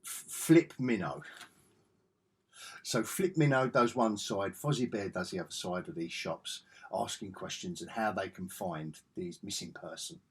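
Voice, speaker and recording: A man with a husky, somewhat low voice chats eagerly about comics in a casual review vlog. He takes his time, speaking at an unhurried pace. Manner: enthusiastic, chatty.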